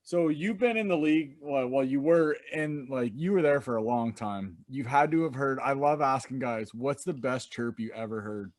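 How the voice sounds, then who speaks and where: A man's voice: mid-range voice, normal speed, hardly any pauses, a little mellow, no room sound. A man hosting a casual podcast interview, asking loose questions and swearing now and then. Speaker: podcast host.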